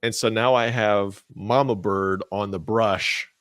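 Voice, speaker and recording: A man's voice: lowish voice, steady tone, takes it slowly, a bit bright, no room sound. A man co-hosting a casual radio show, telling a rambling story into a studio mic. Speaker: co-host. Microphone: studio mic with ear monitors.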